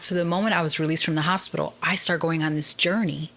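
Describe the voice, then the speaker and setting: Bright-voiced woman telling her story. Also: deep voice, fast. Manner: earnest, lively, with frequent "um" and "like". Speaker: podcast guest. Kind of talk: candid personal storytelling in a conversation.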